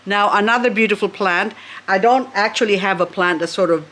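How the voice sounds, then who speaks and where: A woman's voice: medium pitch, fairly quick, a bit bright. A woman vlogging at home, chatty and gushing as she unboxes succulents and talks to her plants. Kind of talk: casual unboxing chat.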